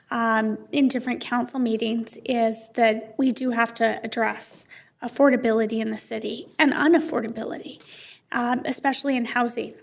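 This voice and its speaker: A woman's voice: on the high side, creaky. A woman in her thirties with a Canadian accent, a city councillor speaking earnestly at a council meeting with many fillers and restarts.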